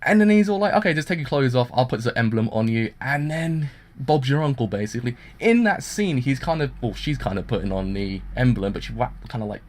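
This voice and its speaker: A man's voice: mid-range voice, animated, fairly quick, a little mellow. A man giving a casual, rambling anime review with constant fillers, acting out the characters' lines as he retells them. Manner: rambling, full of fillers, acts out quotes.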